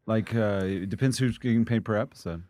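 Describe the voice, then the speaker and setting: A man who is a comedian guest on a podcast, dropping short, dry, deadpan quips. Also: lowish voice, fairly quick, no room sound. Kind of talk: casual chat.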